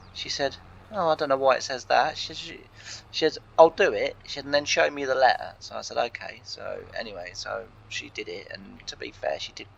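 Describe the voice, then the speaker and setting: Gravelly young English guy telling a story. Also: medium pitch, fairly bright tone. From England. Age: young adult. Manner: rambling anecdote, retelling each exchange with "I said" and "she said". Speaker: let's play host. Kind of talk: casual storytelling over gameplay. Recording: dull lo-fi recording.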